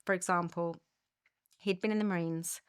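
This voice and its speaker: A woman's voice: on the low side, fairly even intonation, normal speed, smooth. A woman with an English accent, a podcast guest speaking earnestly about her past in candid conversation. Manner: earnest, many restarts, mimics others' voices in quotes. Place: podcast studio.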